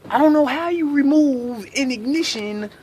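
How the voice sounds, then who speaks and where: A man telling a comedic story in an animated, profane way. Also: very high-pitched, normal speed.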